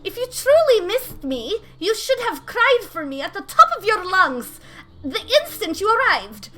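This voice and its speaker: A woman's voice: very high voice, sing-song, unhurried, bright, forceful tone, soft background music, pitched above the performer's own voice, heavily acted. A woman voicing a regal, teasing fey pixie king in a put-on Scottish accent, with a theatrical, sing-song manner. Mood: demanding.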